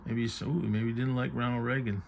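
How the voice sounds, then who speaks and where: A man's voice: mid-range voice, steady tone, quick pace, gravelly, a little mellow, a little hiss or hum. A man reviewing a book on vintage TV in casual commentary, chatty and musing aloud as his thoughts drift. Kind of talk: casual commentary while paging through a book.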